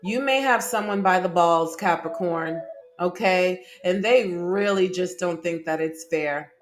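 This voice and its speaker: A woman doing a casual tarot reading to camera, chatty and emphatic, often laughing. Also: fairly low pitch. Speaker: tarot reader.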